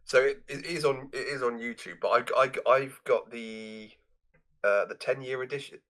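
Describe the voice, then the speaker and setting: A man co-hosting a film podcast, speaking at a middle pitch. He recalls scenes haltingly, often repeating words before he finds them. Small chuckles break up his casual chat. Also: a bit bright. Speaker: podcast co-host.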